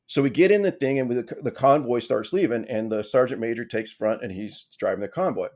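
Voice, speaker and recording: A man on a podcast telling a long anecdote in a casual way, with lively, self-mocking humor and frequent "right?" asides. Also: mid-range voice, fairly quick. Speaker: podcast guest.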